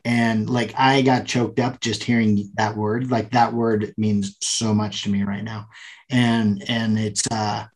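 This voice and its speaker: A man's voice: lowish voice, little pitch movement, takes it slowly. A man co-hosting a podcast, talking enthusiastically and earnestly in casual conversation. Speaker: podcast co-host.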